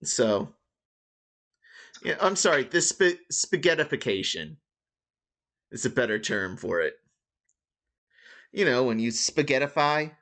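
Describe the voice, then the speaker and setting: A man's voice: mid-range voice, expressive, measured pace, long pauses, fairly bright tone. A man running a tabletop game as dungeon master, rambling and joking with lots of fillers. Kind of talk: casual game-master narration.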